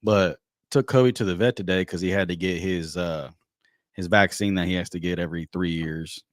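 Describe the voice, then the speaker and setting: A man's voice: low-pitched, normal speed, no room sound, studio quality. A man hosting a podcast, chatting casually and telling laid-back stories with plenty of swearing. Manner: laid-back, profane storytelling. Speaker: podcast host. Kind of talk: casual chat.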